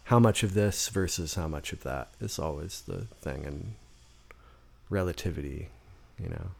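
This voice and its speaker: A man's voice: sits low, lively intonation, normal speed, vocal fry, a little mellow, husky. A man guest on a podcast, talking casually about his songwriting with frequent restarts and acted-out quotes. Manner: rambling, restarts often, acts out quotes. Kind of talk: casual conversation. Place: in-person podcast studio.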